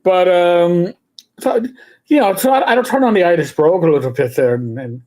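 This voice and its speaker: A man's voice: sits high, normal speed, darkish tone. Rambling New man telling stories. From New York City. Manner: rambling storyteller, stammers and restarts, slips into put-on voices. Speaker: podcast co-host. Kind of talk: casual livestream chat.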